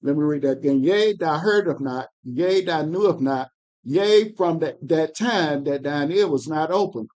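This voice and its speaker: A man reading scripture aloud in a Bible class, slow and emphatic, pushing up on key words. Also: on the high side, expressive, a little mellow.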